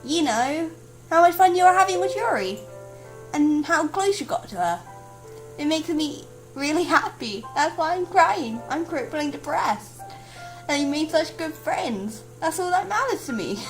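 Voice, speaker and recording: A woman voicing a bubbly but deeply depressed teenage girl in a game, with a high, wobbly, tearful voice. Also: expressive, unhurried, soft background music, low-quality recording. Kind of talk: dramatic let's-play voice acting.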